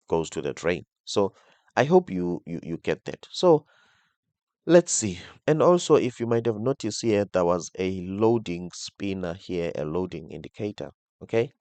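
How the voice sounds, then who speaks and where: A coding instructor with a low, dark voice leads viewers through a tutorial step by step, thinking aloud, restarting words, and tagging nearly every point with "okay?". The sound is close and dry, with no echo or room sound.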